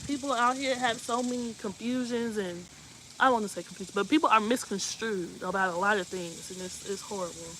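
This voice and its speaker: A woman's voice: on the high side, fairly quick, bright, forceful tone, a little hiss or hum, rough recording. A woman hosting a live talk show, speaking earnestly and emotionally as she gives heartfelt advice and keeps asking if you know what she means. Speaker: host.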